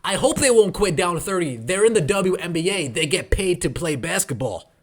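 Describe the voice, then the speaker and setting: A man's voice: high voice, expressive, moderate pace. A man hosting a podcast, ranting about a basketball coach with sarcasm and profanity. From New York tri-state area. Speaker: podcast host. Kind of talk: ranting sports commentary.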